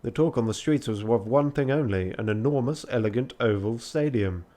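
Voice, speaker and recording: A man's voice: medium pitch, normal speed, mellow. Tired male streamer, reads a text game aloud with self-mocking asides and swearing. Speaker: charity streamer.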